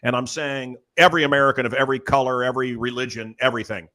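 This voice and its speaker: Bright, punchy male talk host. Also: medium pitch, fast talker. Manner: animated, emphatic, swings between loud bursts and asides. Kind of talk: excited talk show chat.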